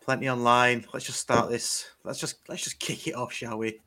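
A man's voice: mid-range voice, flat delivery, normal speed, bright, forceful tone. An Englishman co-hosting a casual fan podcast, laid-back and hesitant with fillers. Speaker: co-host.

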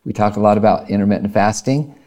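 A man with a low voice leads a casual health podcast. His tone is mellow and unhurried. He thinks aloud and circles back to restart his thoughts. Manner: rambling, thoughtful, halting restarts. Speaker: podcast host, coaching program lead.

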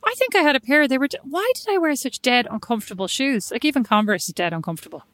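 A middle-aged woman co-hosting a casual chat, telling animated stories and teasing her friend. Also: high voice, fast, no room sound, studio quality. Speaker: podcast co-host.

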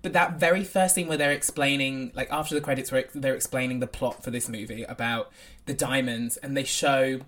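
A woman talks through a film with her co-host. She is animated and opinionated, jumping quickly between points. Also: extremely low pitch. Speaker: podcast co-host. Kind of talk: casual film discussion.

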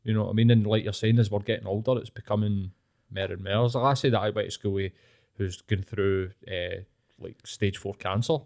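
A man's voice: fairly low pitch, fairly even intonation, a little fast, vocal fry, darkish tone. A Glaswegian man in his late thirties, hosting a podcast, telling school stories in casual, sweary chat with frequent laughs. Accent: Glaswegian Scottish. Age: late 30s. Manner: sweary, storytelling, laughs often. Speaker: podcast host.

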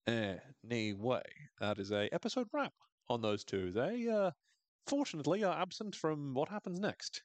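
Animated, sweary man recapping a show. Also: mid-range voice, moderate pace, dry recording. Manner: animated, sweary, laughs often. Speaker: podcast host. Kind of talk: casual episode recap.

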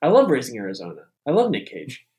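A man's voice: medium pitch, wildly swooping pitch, fast talker, darkish tone. A man co-hosting a casual movie podcast, playful and teasing. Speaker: podcast co-host.

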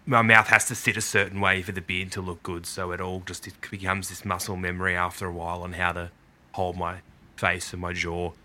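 Low, bright host. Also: male voice. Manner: relaxed, slow when calm, speeds up when excited. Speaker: podcast host. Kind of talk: casual podcast chat.

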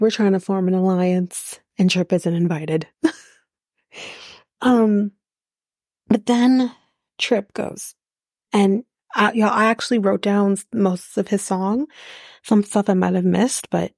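A young woman hosts a podcast, talking casually and bluntly, swearing freely and sounding exasperated as she recaps. Her voice is warm and mellow. The sound is dry and close. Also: medium pitch, no room sound. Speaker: podcast host recapping a reality show. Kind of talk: casual chat.

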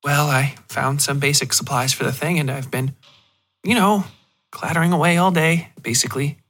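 A man's voice: a little high, steady tone, normal speed, a bit bright. Ash, a man reading an eager young woman writer.

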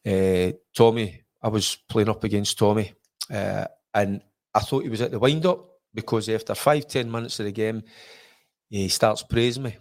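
A man's voice: on the low side, fairly even intonation, normal speed, darkish tone. Scottish man telling a rambling story. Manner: rambling storyteller, frequent restarts, acts out quoted voices. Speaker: former footballer, guest. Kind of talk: casual anecdotal chat.

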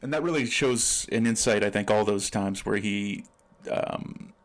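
A man in casual film discussion, measured and thoughtful, pausing often with ums. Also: on the low side.

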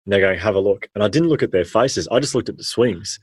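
An Australian man, a former teacher, telling stories with animated, slangy energy in an interview. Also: lowish voice, quick pace, slightly rough, no room sound. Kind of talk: storytelling in a podcast interview.

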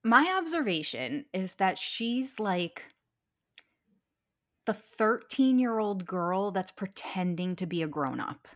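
A woman's voice: medium pitch, big pitch swings, takes it slowly, a bit bright. A woman co-hosting a casual recap podcast, musing aloud with hesitant restarts and frequent "like". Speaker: podcast co-host.

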